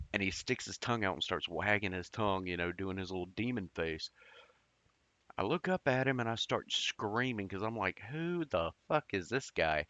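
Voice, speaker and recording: A man's voice: on the low side, bright, forceful tone, no echo, highs cut off. A man casually telling a personal story, rambling and profane, with lots of fillers and restarts.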